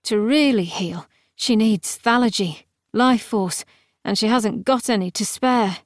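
A dry, deadpan young swordswoman, as a woman reading an audiobook puts her on speaks in carefully neutral tones. She delivers her lines slowly and plainly. The voice sits close and dry. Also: a little high, no room sound, natural voice. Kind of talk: audiobook character voice.

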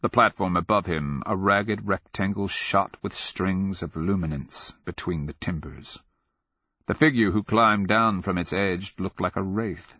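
A man narrating a dark fantasy audiobook in a measured, grave storytelling manner. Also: deep voice, husky, no room sound, dull audio.

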